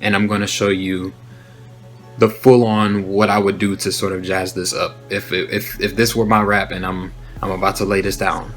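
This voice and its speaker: A young man hosting a rap-writing tutorial, explaining in a relaxed, conversational way and rapping short examples aloud. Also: low voice, moderate pace, faint music behind. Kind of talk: casual instructional talk.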